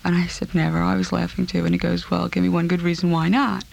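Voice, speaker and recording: A woman recounting a personal ordeal in an interview, speaking in a halting, subdued way and repeating herself. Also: lowish voice, completely flat delivery, gravelly, a little mellow.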